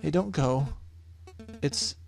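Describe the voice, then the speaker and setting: A man's voice: a little high, slow, vocal fry, darkish tone, pitched above the performer's own voice. A man voicing a timid, apologetic lost boy. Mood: nervous. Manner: hesitant, stammering, apologetic. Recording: game music underneath.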